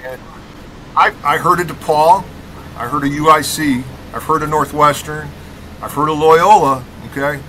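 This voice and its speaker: Animated storyteller man, slightly high voice. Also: slight background noise, rough recording. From Rockford, Illinois. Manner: emphatic, keeps tagging lines with "okay?". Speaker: podcast guest, former college basketball player.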